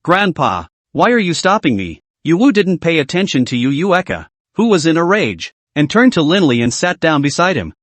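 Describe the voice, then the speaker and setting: A man's voice: a little high, very animated, brisk, few pauses, dry recording. A man narrating a story recap in a scripted storytelling delivery.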